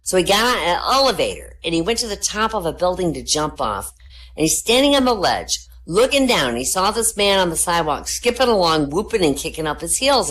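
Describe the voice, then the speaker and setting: Woman, very low voice, joke teller, deadpan storytelling, comedy night in a voice chat. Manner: deadpan storytelling, lifts pitch for punchlines. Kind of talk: telling jokes at an online comedy night. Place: online voice chat room.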